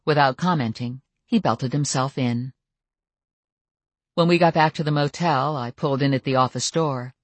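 Steady audiobook narrator, dry sound. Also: medium pitch, normal speed, no room sound. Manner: steady, even storytelling.

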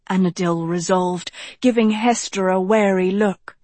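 Slow, husky woman narrating a storybook. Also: on the low side, steady tone, darkish tone, no echo. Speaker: audiobook narrator. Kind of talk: scripted narration.

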